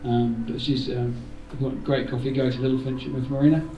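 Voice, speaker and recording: A man's voice: medium pitch, little pitch movement, a little fast, dark tone, dull audio, soft background music. A man gives an informal thank-you speech to a gathering, rambling a little with jokey asides. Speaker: event organiser giving thanks. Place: indoor community room. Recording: roomy hall, voice from far off.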